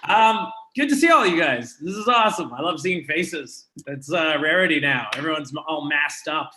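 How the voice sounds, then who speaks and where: Bright-voiced Canadian stand-up comic. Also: male voice, a little high, animated, moderate pace, a little hiss or hum. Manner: self-deprecating, conversational punchlines. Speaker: stand-up comedian. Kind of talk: live stand-up set. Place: comedy venue with live audience.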